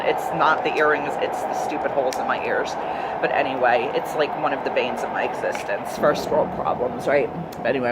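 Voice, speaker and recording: Casting: low-pitched woman, enthusiastic unboxing vlogger, chatty, faint hiss behind her. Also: poor audio. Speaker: vlogger reviewing jewelry. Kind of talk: casual unboxing chat.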